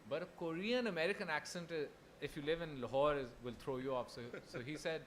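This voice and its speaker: A young man from Pakistan telling his own story on a festival stage, earnest and halting, with many restarts. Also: on the high side, slight background noise. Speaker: festival speaker. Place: festival hall.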